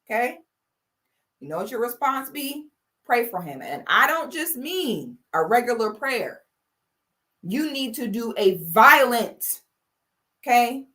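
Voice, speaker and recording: Give me a young woman lecturing her livestream viewers, blunt and preachy, with a bright, sharp voice pitched a little high. She talks in slang, straight into a phone or webcam at home. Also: very animated, takes it slowly, long pauses. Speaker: host. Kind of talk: livestream commentary.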